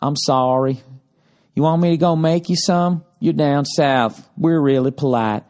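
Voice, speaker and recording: A man's voice: fairly high pitch, a little slow, a little mellow, close to an everyday voice. A man voicing an overly polite Southern hotel clerk woman in a put-on Southern accent, drawling with exaggerated hospitality. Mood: apologetic.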